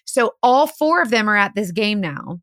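A woman host telling a story in casual chat, animated and full of "like", acting out what people said. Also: medium pitch, normal speed, dry recording, studio quality. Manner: animated, lots of "like", acts out quotes. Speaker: podcast host.

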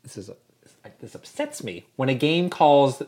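A woman's voice: a bass voice, very animated, moderate pace, dark tone. A woman co-hosting a casual podcast, reading listener questions aloud and bantering playfully. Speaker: podcast co-host. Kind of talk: casual chat.

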